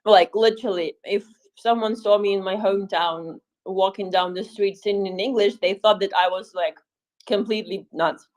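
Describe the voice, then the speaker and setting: A woman's voice: medium pitch, fairly even intonation, moderate pace, a little mellow, poor audio. Woman talking with many fillers. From Ukraine. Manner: thoughtful, many fillers and restarts, dry humor. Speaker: volunteer speaker. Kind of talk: casual chat in a live audio room.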